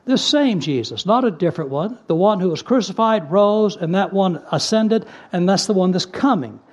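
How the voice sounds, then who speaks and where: A man preaching a sermon, earnest and emphatic, repeating key phrases and slowing down to stress scripture, with casual asides in between. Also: high voice, animated, a little mellow, highs cut off. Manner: conversational asides with fillers.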